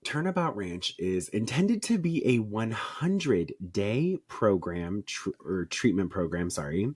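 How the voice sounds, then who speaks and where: A man co-hosts a podcast in loose, joking chat, tossing out sarcastic asides and swear words as he goes. His voice has a slightly husky, breathy edge. The sound is dry and close, with no room around it. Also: lowish voice, big pitch swings, measured pace, no room sound. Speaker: podcast co-host.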